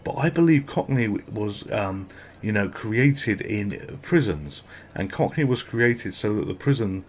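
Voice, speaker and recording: A British man giving casual, rambling commentary while playing a video game, with frequent excited exclamations. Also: lowish voice, measured pace, slight background noise. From Britain. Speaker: gameplay commentator.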